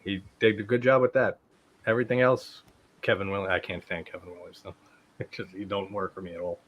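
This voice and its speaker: A man's voice: low voice, little pitch movement, fairly quick, highs cut off, a little hiss or hum. A man hosting a live watch-party stream, chatting casually, laughing often and swearing now and then.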